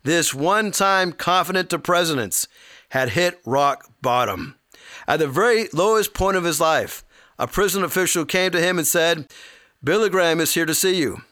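A man's voice: on the high side, animated, normal speed, sharp tone, dry recording, studio quality. A man preaching a sermon in a folksy way, with light humor and personal stories. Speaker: pastor.

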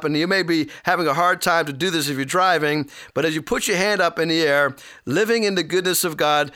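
A man's voice: fairly high pitch, pushed and bright, dry recording, clean studio sound. A man preaching a sermon in a folksy way, with light humor and personal stories. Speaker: pastor.

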